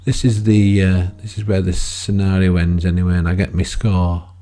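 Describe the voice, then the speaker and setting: Deep-voiced rambling man. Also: monotone, normal speed, mellow. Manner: rambling, chatty, full of tag questions. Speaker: gaming video creator. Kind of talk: casual gameplay commentary.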